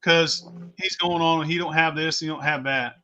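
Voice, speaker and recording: A man's voice: fairly high pitch, fairly even intonation, normal speed, bright, forceful tone. A man, the host, telling a story in a casual chat, blunt and profane.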